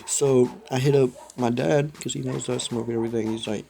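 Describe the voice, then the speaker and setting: A man's voice: medium pitch, fairly even intonation, fairly quick, vocal fry, dark tone. A young man telling a rambling story in a casual vlog, laughing often and saying "dude" a lot. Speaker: vlogger.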